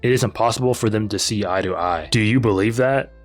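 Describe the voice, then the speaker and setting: A man reading aloud the lines of a kind, lonely young woman from a game, in a gentle, pleading way. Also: lowish voice, fast, faint music behind, lightly acted.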